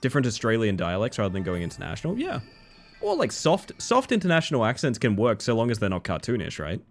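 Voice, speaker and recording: A man's voice: medium pitch, huge pitch swings, quick pace, faint music behind. A man streaming a game, chatting candidly with viewers, swearing and restarting as he thinks aloud. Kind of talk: casual live-stream chat.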